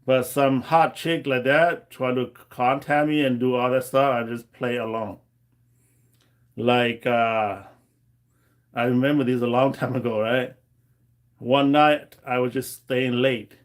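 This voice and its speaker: A man's voice: mid-range voice, fairly even intonation, unhurried. A man, rambling through a casual livestream chat with many fillers. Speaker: livestream host.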